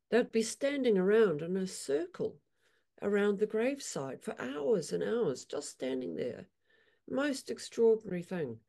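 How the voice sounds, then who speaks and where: A woman equine therapist telling animated stories in an interview, acting out her horses' voices. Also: mid-range voice. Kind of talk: storytelling in an interview.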